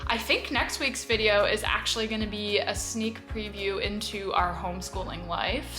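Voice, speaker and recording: Chatty young woman with a bright, cold-cracked voice. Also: medium pitch. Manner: chatty, upbeat appeals to viewers. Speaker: vlog co-host. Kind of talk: casual chat to viewers. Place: in a car.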